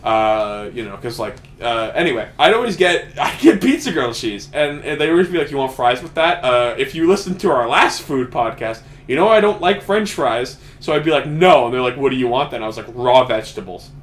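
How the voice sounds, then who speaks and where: A man's voice: mid-range voice, sing-song, a little fast, hardly any pauses. A young man co-hosting a casual podcast, rambling and swearing as he tells stories, often laughing through them. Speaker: podcast co-host.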